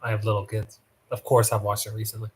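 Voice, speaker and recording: A man's voice: on the low side, completely flat delivery, quick pace. A man in his thirties, a player at a tabletop game, chatting casually and wandering into asides.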